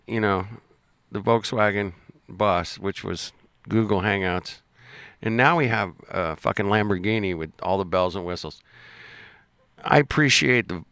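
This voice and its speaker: A man's voice: sits low, a bit bright, smooth, no room sound. A man rambling casually and swearing freely as he reacts to clips and chats to his viewers. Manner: rambling, swearing, laid-back. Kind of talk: casual profane chat.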